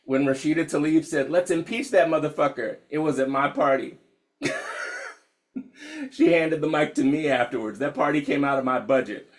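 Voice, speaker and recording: A man's voice: on the high side, steady tone, normal speed, long pauses. A young adult man from the United States leading an online meditation session, frank and profane, laughing often and calling listeners y'all. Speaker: meditation teacher. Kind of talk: casual talk opening an online meditation session.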